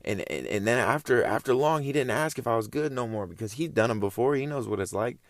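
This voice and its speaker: A man's voice: medium pitch, expressive, fast talker, dry recording, studio quality. A young man casually telling a story, laid-back and slangy, rambling along with loose phrasing.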